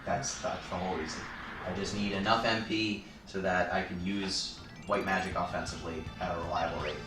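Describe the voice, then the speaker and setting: A man's voice: sits low, flat delivery, brisk. A man casually chatting and joking while streaming a game, rambling in a playful way. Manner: playful, rambling, jokey asides. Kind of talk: casual gameplay chat on a live stream. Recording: roomy, distant mic with loud music behind. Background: game music.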